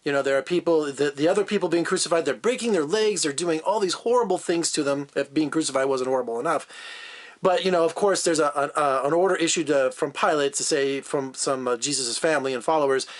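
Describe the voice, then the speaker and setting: A man's voice: fairly high pitch, quick pace. A man giving a casual movie review as a film critic, chatty and digressive, with frequent fillers.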